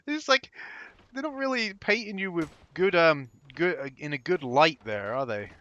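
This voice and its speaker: Male let's-play commentator, bright and sarcastic, profane, dull lo-fi audio. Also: on the high side, animated, moderate pace, dry recording. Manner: profane, sarcastic, laughing asides. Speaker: gameplay commentator.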